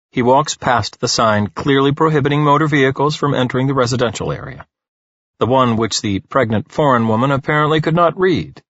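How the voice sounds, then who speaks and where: Husky male audiobook narrator. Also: medium pitch, a bit bright, no room sound, highs cut off. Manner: measured, dry storytelling.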